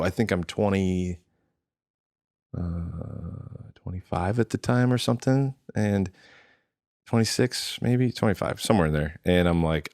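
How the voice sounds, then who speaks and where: A man in his thirties, a drummer, telling stories in a casual interview and acting out quotes in lively voices. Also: fairly low pitch, normal speed, smooth, dry recording, clean studio sound. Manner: animated, quotes himself and others in lively voices. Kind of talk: casual storytelling chat.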